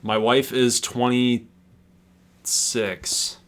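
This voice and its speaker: A man's voice: mid-range voice, steady tone, extremely slow, a bit bright. A man in his thirties hosting a livestream, talking in casual, sarcastic banter and laughing often. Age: 30s. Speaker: livestream host.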